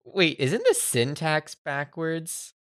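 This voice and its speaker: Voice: medium pitch, big pitch swings, slow pace, fairly bright tone, no room sound. A podcast host in casual chat, nitpicking and pedantic about details, on a close mic.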